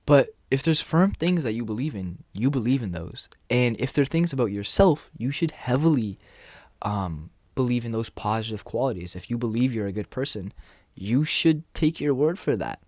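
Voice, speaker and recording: A man coaching viewers on confidence and dating in a relaxed, conversational way, sometimes acting out short exchanges. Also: medium pitch, normal speed, no echo, clean studio sound. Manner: relaxed, conversational, acts out little dialogues. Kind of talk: casual talking-head advice.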